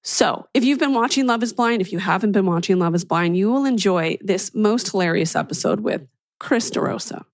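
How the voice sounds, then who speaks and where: A woman hosting a podcast, chatting casually and reacting quickly to her guest. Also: medium pitch, no room sound, clean studio sound. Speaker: podcast host. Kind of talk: casual chat.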